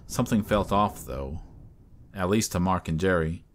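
A man narrating a horror story in a measured storytelling manner. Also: low voice, a little hiss or hum.

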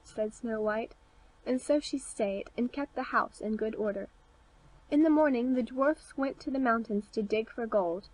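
Clear-voiced woman reading a fairy tale. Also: a little high, unhurried, low-quality recording. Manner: clear, steady read-aloud delivery. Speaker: audiobook narrator. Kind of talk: scripted storybook narration.

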